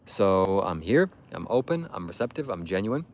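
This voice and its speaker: A man's voice: sits low, sing-song, moderate pace, slight background noise. A man hosting a livestream, talking to his chat in a preachy, insistent, repetitive way. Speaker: livestream host. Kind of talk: livestream monologue addressing chat.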